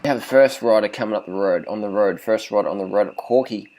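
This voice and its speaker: A man's voice: lowish voice, quick pace, a little mellow, a little hiss or hum, poor audio. A man talking casually as a cycling vlogger, giving blunt and profane riding tips, and repeating phrases for emphasis.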